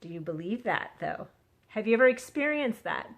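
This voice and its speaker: A middle-aged woman, a vlogger sharing a devotional, talks earnestly into a phone on a selfie stick, offering casual Christian encouragement. Her medium-pitched voice is very animated with some vocal fry, and she keeps a moderate pace, chatting and acting out quotes.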